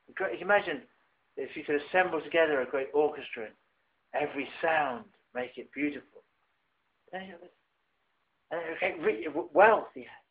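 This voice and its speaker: Halting preacher on a tinny line. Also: male voice, on the high side. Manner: halting, many restarts, rising emphatic phrases. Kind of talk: sermon. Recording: tinny phone-like recording.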